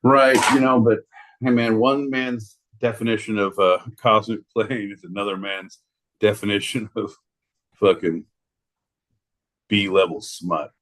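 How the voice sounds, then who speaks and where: A man's voice: on the low side, steady tone, measured pace, a bit bright. A man co-hosting a podcast in casual, playful chat, riffing on wordplay and cursing freely. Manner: playful, riffs on wordplay, swears. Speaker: podcast co-host.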